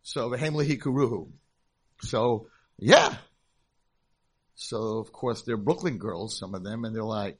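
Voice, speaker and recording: A man's voice: fairly low pitch, unhurried, long pauses, breathy edge. A middle-aged man, a rabbi, telling stories in a conference talk and acting out the people in them. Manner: animated storyteller, acts out voices. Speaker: rabbi and school founder.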